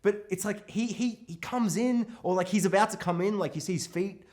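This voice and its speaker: A man co-hosting a film podcast, talking casually in an animated way and swearing a lot. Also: high-pitched, brisk. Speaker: podcast co-host.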